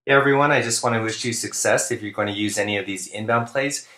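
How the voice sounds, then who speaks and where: A man, a basketball coach, narrating instructional plays in a flat, deliberate monotone, speaking clearly. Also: fairly low pitch, roomy sound. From United States. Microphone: home recording for narration.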